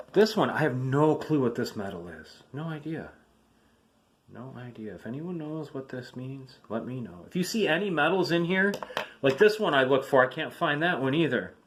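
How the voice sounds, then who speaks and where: Veteran man, 50s, casual storyteller, rambling and chatty, mid pitch. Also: fairly bright tone. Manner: rambling, chatty, many fillers and restarts. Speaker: army veteran showing family military keepsakes.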